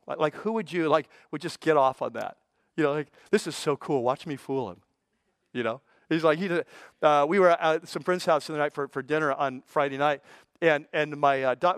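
A man's voice: fairly high pitch, fairly bright tone, no room sound. An older man, a pastor, preaching a sermon in a conversational way, with folksy asides and frequent stammered restarts.

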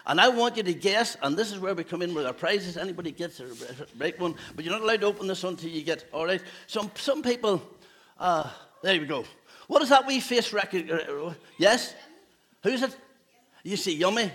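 A man's voice: sits high, lively intonation, normal speed, a bit bright. A man, a pastor giving a playful children's talk in a church service, asking the children questions. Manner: playful, asks children questions, laughs often.

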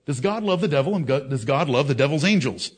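A man preaching a fiery sermon, swinging between loud, raised declaiming and low, intense reasoning, and scolding his listeners directly. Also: expressive, quick pace, husky.

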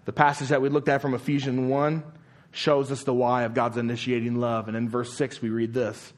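A male pastor preaching a sermon, asking rhetorical questions again and again and dropping to a quiet, slow voice for emphasis. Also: mid-range voice, little pitch movement.

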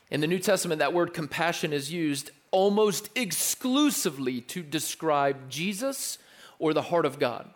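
A young adult man preaching a sermon in an earnest, conversational way, repeating his key phrases and restarting his sentences. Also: a little high. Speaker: pastor.

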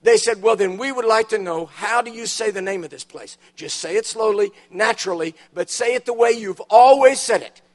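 A high-pitched man delivering a sermon in a church. He tells funny stories with timed punchlines and leans hard on the key words. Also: normal speed, few pauses. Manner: storytelling with dramatic punchlines, emphatic rises. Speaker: preacher. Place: church auditorium.

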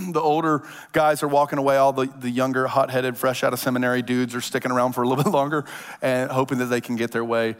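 A man preaching a sermon in a casual, animated storytelling manner, acting out voices as he tells the story. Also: medium pitch. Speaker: pastor. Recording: long hall reverb.

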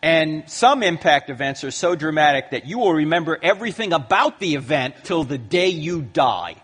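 A man in his fifties giving a lively talk to a live audience in a large hall, acting out the voices in his stories. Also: on the high side, normal speed, slightly rough. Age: 50s. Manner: lively storyteller who acts out quoted voices. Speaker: Christian apologetics speaker. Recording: long hall reverb.

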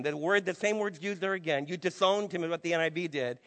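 A man's voice: a little high, fast talker, hardly any pauses, a bit bright, big-room sound. A man preaching a sermon to his church in an emphatic, conversational way, acting out quotes. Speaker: pastor.

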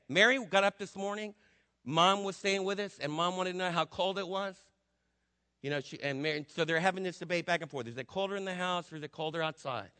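Male pastor from New Jersey, chatty sermon delivery, bright voice, echoing hall. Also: sits high. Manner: conversational preaching with asides and rhetorical questions. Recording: long hall reverb.

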